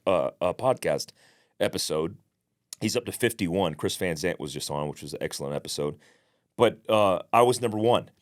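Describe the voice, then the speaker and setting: A man co-hosting a podcast, telling stories in a blunt, profane, casual way. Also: on the low side. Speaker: podcast co-host.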